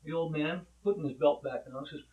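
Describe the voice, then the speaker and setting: A man's voice: on the high side, brisk, phone-quality sound. A man hosting a casual vlog, talking conversationally with rambling asides. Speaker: vlog host, actor. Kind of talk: casual monologue and joke telling. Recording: echoey room, mic at a distance.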